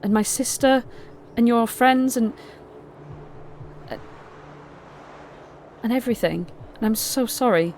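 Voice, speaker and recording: A woman's voice: a little high, a little mellow, slight background noise, pitched above the performer's own voice. A woman voicing a remorseful young woman who stammers through earnest apologies. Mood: pleading. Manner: stammering, halting.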